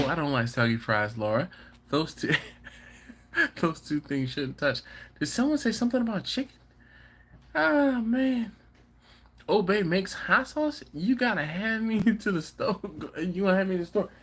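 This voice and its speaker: Lively man chatting on a live stream. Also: on the high side, husky. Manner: animated, playful, slangy banter. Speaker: barbecue channel host. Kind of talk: casual live-stream chat reading viewer comments.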